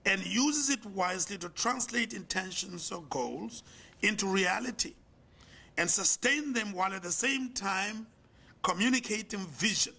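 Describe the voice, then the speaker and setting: Speaking in a lecture hall, an older South African pastor gives a conference talk with rhetorical, emphatic preaching rhythms and wide shifts in pitch and volume. His delivery is gravelly, pushed, and bright.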